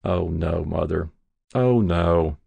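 A man reading the lines of an anxious grown daughter who coaxes her dying mother gently. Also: low-pitched, slow pace, gravelly, breathy edge, pitched below the performer's own voice, exaggerated voice. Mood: coaxing. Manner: gentle, coaxing.

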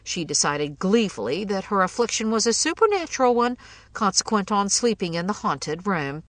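A woman narrating a first-person ghost story in a measured, wry way. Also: mid-range voice, big pitch swings, fairly bright tone, dry recording, far from the mic, low-quality recording.

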